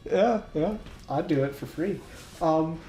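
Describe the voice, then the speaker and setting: A man's voice: a little high, slow pace, mellow, echoey room, a little hiss or hum. A man hosting a podcast in casual chat, laughing often and swearing casually. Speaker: podcast host.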